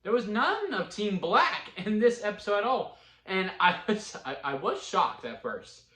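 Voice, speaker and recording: A man at home casually recapping a TV episode, rambling with quick restarts and bursts of laughter. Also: sits high, big pitch swings, sharp tone, echoey room. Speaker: TV episode reviewer. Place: at home with a dog.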